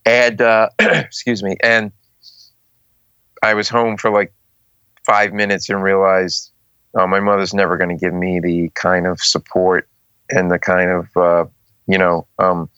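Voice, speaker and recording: Animated storytelling comedian, low voice. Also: male voice, unhurried, long pauses, smooth, dry recording. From Rhode Island. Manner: animated, acts out voices of people in his stories. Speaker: comedian guest. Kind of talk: casual storytelling interview. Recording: dull, slightly muffled podcast audio.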